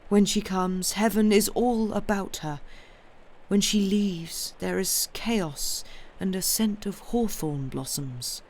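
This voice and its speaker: Woman doing a gentle earnest young shepherd poet, tender and sincere, storybook reading. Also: lowish voice, unhurried, slight background noise, natural voice.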